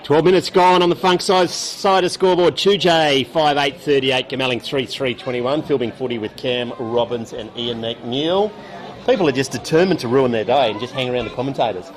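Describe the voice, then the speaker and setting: A man's voice: medium pitch, moderate pace. An Australian man calling play-by-play at a local football match outdoors, trading laughing banter with his co-caller. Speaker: football co-commentator. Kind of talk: live local football commentary.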